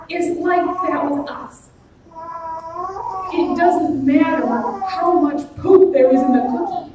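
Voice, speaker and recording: A woman giving a guest sermon in a church, speaking in an earnest, personal way. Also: very high-pitched. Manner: earnest and personal, slow and deliberate. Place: church sanctuary. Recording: echoey hall from far off, faint noise.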